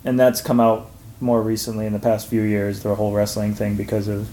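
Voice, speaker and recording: A man who is a podcast guest, chatting in a relaxed, rambling way with lots of fillers. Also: lowish voice, fairly quick, slight background noise. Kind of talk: casual chat. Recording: echoey room.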